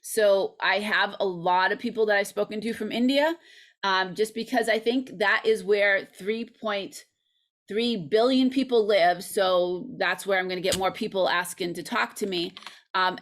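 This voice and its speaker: An American woman, an English teacher, talking through ideas in a casual interview with frequent ums, over a video call. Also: medium pitch. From United States. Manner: thoughtful, chatty, frequent ums. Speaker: English teacher and channel creator.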